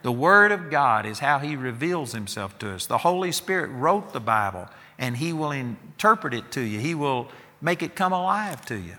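A man's voice: mid-range voice, very animated, moderate pace, hardly any pauses, sharp tone, in a large hall. A man preaching a sermon to students, emphatic and given to storytelling, often repeating himself for emphasis.

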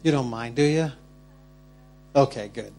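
A man teaching a church group in an easy, encouraging way, gentle as he guides them through prayer and upbeat as he invites people to share. His voice sits at an ordinary middle pitch, with a faint hum behind it. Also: a little slow. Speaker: teacher leading a church workshop. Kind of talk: guiding prayer and group sharing.

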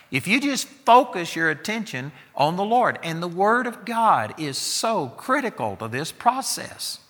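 Man, preacher, sermon, emphatic storyteller, very bright voice, long hall reverb. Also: fairly high pitch. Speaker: preacher teaching students.

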